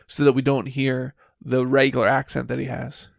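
A man's voice: medium pitch, flat delivery, moderate pace, vocal fry, no echo, studio quality. A man co-hosting a podcast in casual chat, joking and laughing often. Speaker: podcast co-host.

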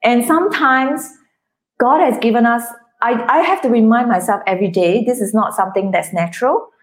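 A woman's voice: a little high, a little fast. A woman guest author speaking earnestly and from the heart in an interview, with some restarts. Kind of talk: interview, personal testimony.

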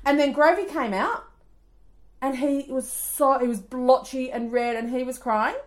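In a casual podcast chat, a co-host — an Australian woman in her forties — tells a story in a high, unhurried voice. Her storytelling is lively, with laughter and acted-out voices.

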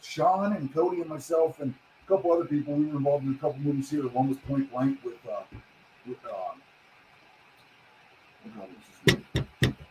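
Man, slightly high voice, lively storyteller, roomy echo, faint background hiss. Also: a little fast, long pauses. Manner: animated storyteller, acts out quotes, swears casually. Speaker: guest, pro wrestler. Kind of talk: casual interview chat.

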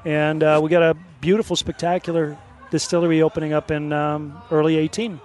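A man from California talks up his distillery in an upbeat, promotional way, his fairly high voice full of ums and uhs. The chat happens outdoors at a festival. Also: little pitch movement, brisk, darkish tone. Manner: upbeat promotional talk with fillers. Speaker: distillery co-founder. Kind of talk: casual interview chat.

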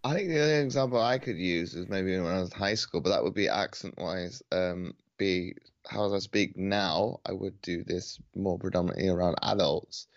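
A man with a very low voice talks in an easygoing, relaxed way, often stopping and restarting his sentences. The sound is dry and a little muffled, like call audio. He is hosting a podcast conversation. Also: normal speed, few pauses, no echo. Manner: laid-back, hesitant with many restarts. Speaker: podcast host. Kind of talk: casual conversation. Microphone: video call.

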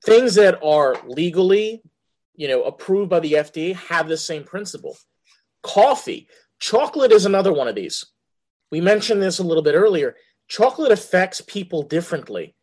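A man from New York with a New York accent, hosting a podcast in casual chat, blunt and animated, swearing freely. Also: sits high. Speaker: podcast host.

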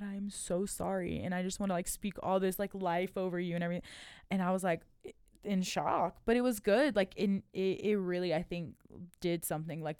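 A woman's voice: on the low side, clean tone, dry recording, clean studio sound. A young adult woman, a podcast guest, telling personal stories candidly with lots of "like" and laughter. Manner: candid storytelling with frequent "like" and laughs. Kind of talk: casual podcast chat.

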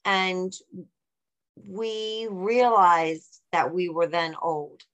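A woman's voice: on the low side, extremely slow, fairly bright tone, dull audio. A woman hosting a casual chat, asking questions and sharing her own stories in an encouraging way.

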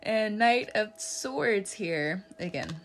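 A woman's voice: medium pitch, lively intonation, takes it slowly, faint music behind. A woman giving a casual tarot reading, chatty and joking, laughing often and swearing now and then. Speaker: tarot reader.

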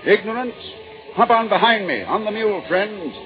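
A man voicing a merry, hearty monk who talks loudly and jovially in a told story. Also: high-pitched, expressive, moderate pace, lo-fi sound, music in the background, voice pushed up. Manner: jovial and loud.

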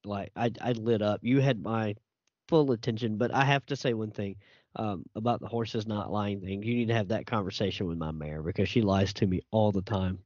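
A man's voice: lowish voice, steady tone, normal speed, a little mellow, no room sound, lo-fi sound. A man hosting a casual chat who jokes and teases his guest with friendly banter over a video call. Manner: jokey, teasing, with friendly banter. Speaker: podcast host.

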